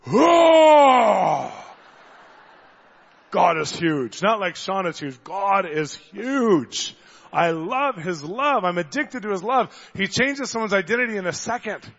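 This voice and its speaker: Animated high-voiced male preacher, echoing hall. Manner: animated storyteller, acts out voices, gets loud. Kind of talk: sermon with storytelling. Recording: dull long hall reverb.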